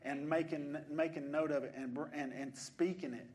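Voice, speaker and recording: A man, preaching a sermon as pastor of a church, shifting between quiet conversational asides and loud exhortations. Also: fairly high pitch, fairly even intonation, normal speed. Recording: congregation answering in the background. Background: congregation responding.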